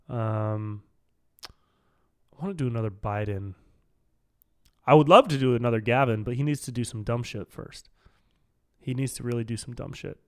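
A man hosting a casual solo podcast, rambling and swearing, calling the listeners dude. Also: mid-range voice. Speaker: podcast host.

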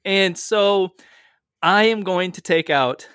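Man, slow speech, dry close sound, earnest, deliberate. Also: high voice, fairly bright tone, clear, resonant tone, dry recording. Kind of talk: casual chat.

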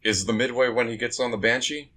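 A man co-hosting a podcast in casual chat, measured and thoughtful. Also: medium pitch, fairly even intonation, crowd noise. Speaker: podcast co-host.

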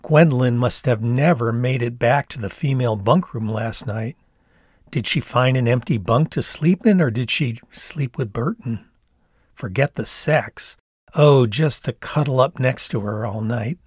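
An older man from the United States reading his memoir aloud in a measured, reflective storytelling manner. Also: medium pitch, a little mellow, slightly rough, no room sound, clean studio sound. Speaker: author and narrator. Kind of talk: memoir narration read aloud.

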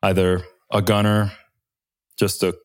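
A man's voice: low-pitched, level tone, measured pace. A man, a helicopter pilot, telling war stories in a laid-back, slangy way with casual swearing. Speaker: Chinook helicopter pilot, guest.

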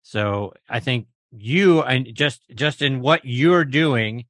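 A man hosting an interview, asking questions in a halting way and repeating words as he goes. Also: mid-range voice, a bit bright, dry recording, studio quality. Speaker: podcast host. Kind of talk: podcast interview.

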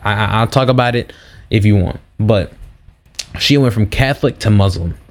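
A young man hosting a faith podcast, telling stories in a casual, slangy, animated way. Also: fairly low pitch, moderate pace. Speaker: podcast host. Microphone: podcast mic.

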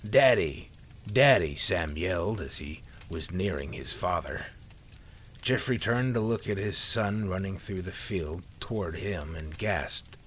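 Low-voiced guy reading a campfire story, calm and measured, faint hiss behind. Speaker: narrator.

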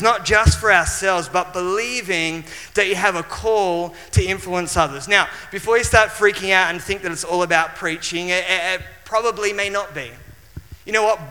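Australian male preacher, fairly high and very bright tone, animated and restarting, church hall reverb. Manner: animated storytelling with frequent restarts. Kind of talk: sermon with personal storytelling.

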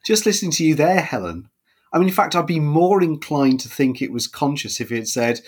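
Husky, slightly high-voiced male host, wry and teasing in discussion. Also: big pitch swings, brisk. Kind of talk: casual academic discussion.

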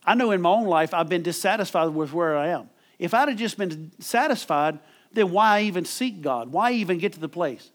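A man's voice: high-pitched, animated, normal speed. A middle-aged man preaching a sermon as pastor, emphatic and calling for amens from the congregation. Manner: emphatic preaching with call-and-response.

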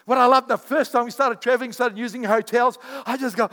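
A man preaching a sermon as pastor, animated and repetitive, telling stories to his church. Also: very high-pitched, fairly quick, big-room sound. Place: church sanctuary.

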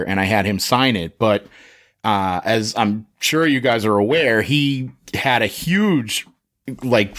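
A man co-hosting a casual podcast, telling an anecdote in an animated way and laughing often. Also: lowish voice. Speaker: podcast co-host.

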